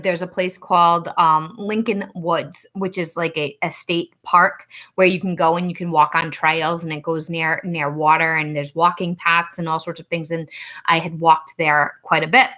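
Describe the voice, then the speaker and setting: A woman telling a personal story to camera, animated and acting out the dialogue she quotes. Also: moderate pace. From Rhode Island. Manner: animated, acts out quoted dialogue with rising pitch. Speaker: psychic reader and channel host.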